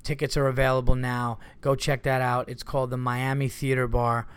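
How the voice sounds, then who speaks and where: Speaking briskly in a smooth, level, mid-range voice, this male comedian rambles through his solo podcast. He curses freely and is quick to grow exasperated.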